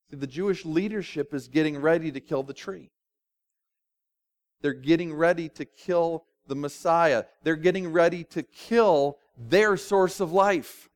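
A man preaching a sermon as pastor, talking conversationally and with animation, with dramatic pauses and asides. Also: fairly high pitch.

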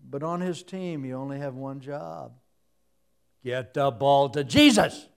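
A man's voice: medium pitch, animated, a little slow, vocal fry, clean tone. A man preaching a humorous sermon, telling stories with sound effects and laughing at his own jokes.

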